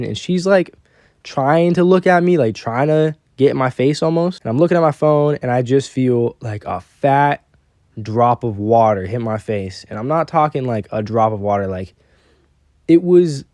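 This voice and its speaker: A young man casually telling a personal story, animated and quoting the people in it. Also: medium pitch, dry recording, studio quality.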